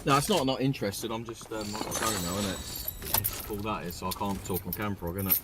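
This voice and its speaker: A man's voice: on the low side, fairly even intonation, brisk, recorded from a distance, very noisy. A British man hosting a livestream in casual chat, sweary and rambling. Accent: British English. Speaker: livestream host. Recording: loud music behind.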